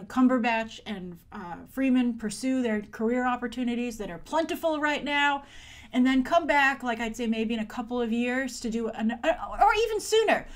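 A woman hosting a casual spoken TV review, animated, often acting out mocking voices in quotes. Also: fairly high pitch. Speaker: film and TV reviewer, show host.

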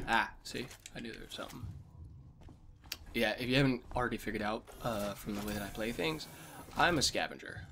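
A man with damaged vocal cords talking quietly and low as he commentates a game he is playing, coughing often. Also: sing-song, normal speed, vocal fry, long pauses, a little hiss or hum. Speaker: let's play host. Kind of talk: gameplay commentary. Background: game sounds and music.

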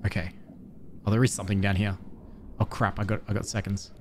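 A man giving casual, excitable commentary while playing a game, with panicky outbursts and self-mocking asides. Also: fairly low pitch, a little fast, long pauses, noisy background. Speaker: gaming let's-play host.

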